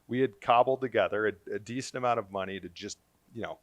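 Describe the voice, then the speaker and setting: A man's voice: fairly low pitch, fast talker, no echo, lo-fi sound. A man who is a podcast guest, telling a story casually with hesitant fillers. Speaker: guest, business owner.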